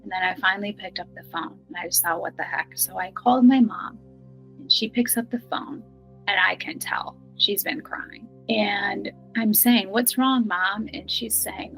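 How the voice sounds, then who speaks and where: A middle-aged woman telling a personal story earnestly, some lines hushed and some bright. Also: medium pitch, moderate pace, gravelly, husky, faint music behind, poor audio. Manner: earnest, emotional, shifts between hushed and bright. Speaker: guest telling her experience.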